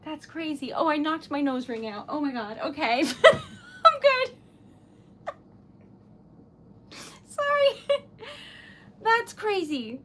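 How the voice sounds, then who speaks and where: A woman's voice: high voice, very animated, takes it slowly, a bit bright, a little hiss or hum. A woman livestreaming who is tearful and giggly, flustered and stammering, laughing through tears as she gushes her thanks. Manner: breathless gushing thanks. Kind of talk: casual livestream chat.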